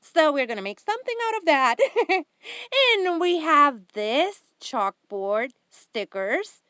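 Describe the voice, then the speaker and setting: A woman's voice: sits high, big pitch swings, slow pace, a bit bright, no room sound, studio quality. A woman hosting a craft haul vlog, gushing and giggling with enthusiasm over each item. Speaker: craft channel host.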